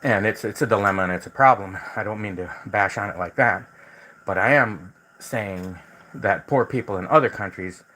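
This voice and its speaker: Rambling lower-voiced man on a livestream. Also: normal speed, bright, forceful tone, low-quality recording. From United States. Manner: rambling, repeats words and restarts often. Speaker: livestream host. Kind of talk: casual livestream talk.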